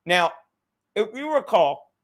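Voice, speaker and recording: A man's voice: high voice, big pitch swings, slow, a bit bright. A middle-aged man hosting a livestream, ranting profanely and reading out viewer chats. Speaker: livestream host.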